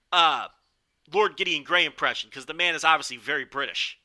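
Bright, rambling male wrestling reviewer. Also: a little high, brisk. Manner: rambling, conversational, swears. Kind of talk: casual podcast review.

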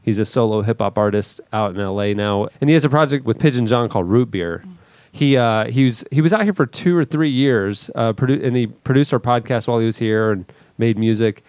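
A man in his thirties rambles through listener feedback as a podcast host, stopping and restarting his sentences often. His voice has an ordinary, middle pitch. The sound is dry and close, with no room echo. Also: a little mellow. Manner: rambling, halting, full of restarts. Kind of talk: casual chat.

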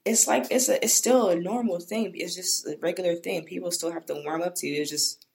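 A young woman, a podcast guest, chatting casually in a flat, nonchalant tone and acting out her own comebacks as she tells stories. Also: fairly low pitch, fairly quick, creaky. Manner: storytelling, acts out her own retorts; nonchalant, even tone.

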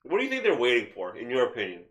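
Man, podcast host, casual chat, animated, swears a lot, rhetorical questions, middle pitch. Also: racing, highs cut off.

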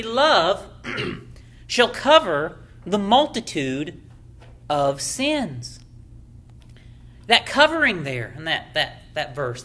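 A man's voice: high-pitched, sharp tone. A middle-aged man preaching a sermon as pastor, emphatic, with frequent amens and chuckles.

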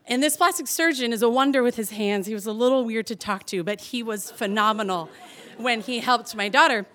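Young woman, a touch high-voiced, animated live storyteller who laughs through her tale. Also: a little fast. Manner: chatty and animated, heavy on "like", laughs through the telling.

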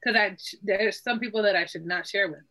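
A woman's voice: mid-range voice, a little fast, sharp tone, low-quality recording. A young woman co-hosting a casual podcast chat, open and talkative, freely sharing about herself. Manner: open, chatty, oversharing. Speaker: podcast co-host.

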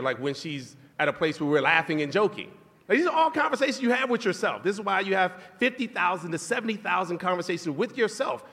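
A man with a slightly raised pitch tells a relationship story on a live podcast, chuckling as he goes. His voice carries the long reverb of a venue hall. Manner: laughing, animated storytelling. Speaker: podcast co-host.

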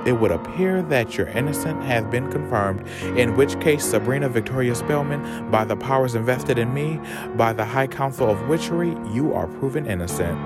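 A man's voice: medium pitch, animated, normal speed, loud music behind the voice, natural voice. A man voicing a stern witch council judge in a formal, pronouncing tone.

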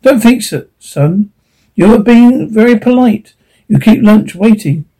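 Man doing strict middle-aged father, clipped, raised pitch, dark voice. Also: animated, slow pace, exaggerated voice, rough recording. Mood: stern. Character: stern middle-aged father, coldly polite.

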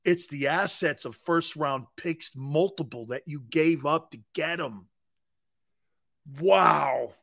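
Sports radio guy riffing on football, kinda high voice, laughs at his own bits. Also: takes it slowly, creaky. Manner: loud, joking, laughs at his own lines. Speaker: sports talk show host. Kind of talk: live sports talk show.

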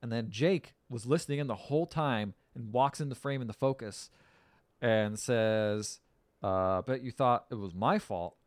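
A man's voice: medium pitch, measured pace, no echo. A man casually recapping a film on a podcast, acting out the characters' lines. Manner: acts out quoted lines with lively swings and laughs. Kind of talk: casual chat.

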